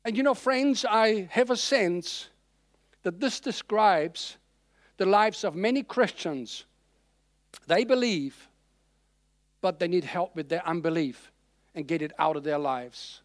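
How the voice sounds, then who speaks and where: A man preaching a sermon in a conversational, animated way, with frequent fillers. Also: high voice, takes it slowly, pauses often, dry recording, studio quality.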